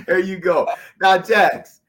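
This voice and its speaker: A man's voice: sits high, bright, forceful tone. A man hosting a sports talk podcast, speaking with enthusiasm and often restarting his phrases. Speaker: podcast host.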